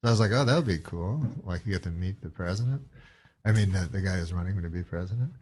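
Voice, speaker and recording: A man's voice: low-pitched, animated, quick pace, a little mellow, slightly rough. A man with a Canadian accent telling a meandering story as a comedy guest, in a dry delivery broken by chuckles and hesitations. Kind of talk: rambling anecdotal storytelling.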